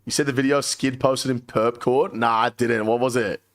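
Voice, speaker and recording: A man's voice: mid-range voice, steady tone, moderate pace, no room sound, studio quality. A young man chatting casually on a live stream, cursing freely and laughing as he tells stories. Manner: profane, laughing storyteller.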